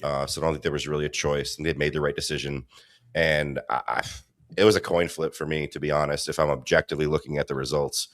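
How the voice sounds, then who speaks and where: Super deep-voiced guy on a podcast, blunt takes, dry dead room. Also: fairly even intonation, fast, no echo. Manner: opinionated, swears casually. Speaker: podcast co-host. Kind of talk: casual podcast chat.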